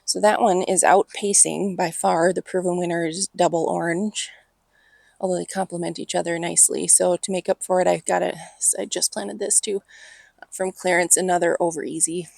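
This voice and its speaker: Filming on a handheld phone, a woman garden vlogger with an Upper Midwest American accent gives a casual walking tour of her outdoor patio garden, muttering asides under her breath. Her voice is fairly low, creaky, and darkish, with no room sound.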